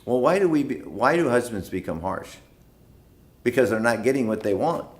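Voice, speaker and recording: A man leading a church Bible study, who talks slowly and repeats phrases for emphasis. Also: medium pitch, lively intonation. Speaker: pastor.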